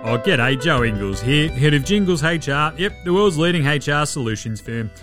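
A man's voice: fairly high pitch, lively intonation, normal speed, loud music behind the voice. Choked-up Australian man in a comedy skit. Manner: mock-sentimental, playing up being choked with emotion. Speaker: mock HR advice segment presenter.

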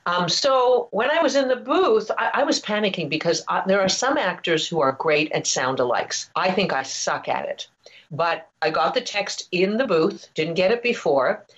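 A woman voice actor chats through a long anecdote in an interview, wandering into asides and restarting her sentences. Her voice sits a little low for a woman. The recording sounds somewhat dull and lo-fi. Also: expressive, normal speed. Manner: chatty, rambling, many restarts and asides. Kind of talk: casual interview storytelling.

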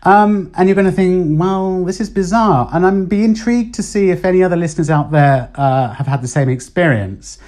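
Host: man, podcast monologue, relaxed mellow tone, chatty and hesitant with filler sounds. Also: high-pitched, moderate pace, few pauses. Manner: chatty, thinks aloud with many ums and uhs. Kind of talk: casual solo podcast talk. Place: Spain.

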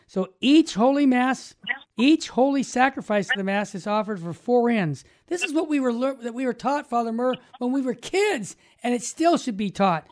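A man's voice: very high-pitched, expressive, normal speed, darkish tone. A man hosting a Catholic talk show, reading prayers aloud and eagerly affirming his priest guest. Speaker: host.

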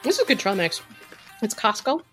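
A young adult woman co-hosting a podcast, chatting casually, blunt and animated, swearing freely. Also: mid-range voice, fairly quick, soft background music. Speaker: podcast co-host.

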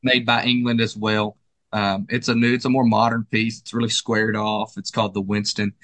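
A man co-owning a furniture store, casually walking through the showroom and describing pieces in a relaxed, friendly sales manner. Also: on the low side, normal speed, dry recording.

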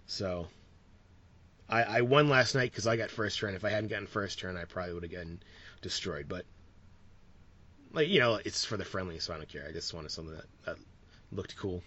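A man hosting a casual podcast chat, relaxed and rambling, laughing often. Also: deep voice, fairly quick, long pauses. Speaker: podcast host. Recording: dull lo-fi sound.

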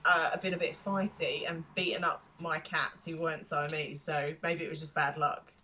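Bright-voiced chatty woman podcaster. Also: low-pitched, flat delivery, normal speed, a little hiss or hum. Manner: chatty, laughs often. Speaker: podcast co-host. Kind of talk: casual chat.

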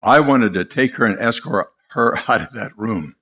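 An older man preaching a sermon, impassioned and dramatic, telling stories with pauses for effect. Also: medium pitch, lively intonation, bright, forceful tone.

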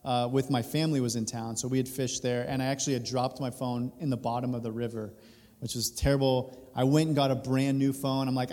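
Dad-type guy in his 30s preaching, mellow voice, lots of hall echo, chuckles as he tells it. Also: medium pitch, fairly quick. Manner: storytelling, animated, laughs through the telling. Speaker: pastor. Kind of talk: sermon illustration story. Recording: reverberant hall.

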